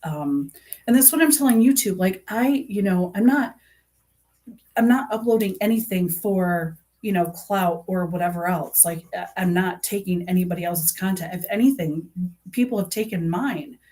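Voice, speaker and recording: A woman's voice: on the low side, normal speed, dark tone. A middle-aged woman making a true crime vlog, talking casually to camera in a rambling, earnest way, full of fillers and restarts. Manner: earnest and aggrieved.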